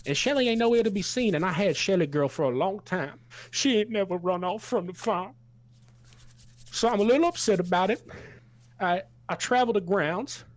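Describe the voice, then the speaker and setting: A man's voice: high voice, expressive, moderate pace, dry recording. A man putting on a drunk old farmer. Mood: rambling. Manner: folksy, rambling, drawling. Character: drunk old male sheep farmer, rustic and mournful.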